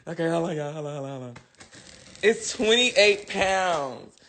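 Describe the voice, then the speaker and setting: A young woman chatting casually to viewers on a phone livestream from her bedroom, nervous and excitable, squealing, laughing and cursing freely. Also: fairly low pitch, normal speed. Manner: brash, profane banter with viewers. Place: bedroom at home. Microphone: phone camera.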